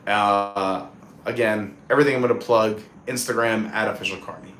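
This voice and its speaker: A man's voice: fairly low pitch, steady tone, moderate pace, a bit bright, reverberant, slight background noise. A man in his thirties hosting a live stream, signing off in an earnest, heartfelt, rambling way, recorded on a phone outdoors at a theme park. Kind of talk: casual live stream sign-off.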